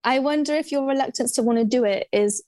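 A young woman in casual conversation, telling a personal story with lively quoted voices. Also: sits high, fast talker, no echo. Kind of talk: casual chat.

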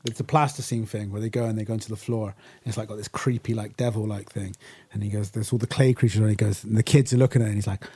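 Mellow, husky man in casual chat. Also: fairly low pitch, steady tone, fast. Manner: laid-back, sweary.

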